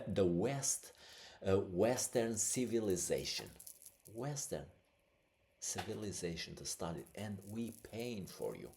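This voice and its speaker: A man hosting a podcast, giving impassioned opinionated news commentary, halting often with restarts and fillers. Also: on the low side, creaky, a little mellow. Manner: impassioned and agitated. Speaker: podcast host.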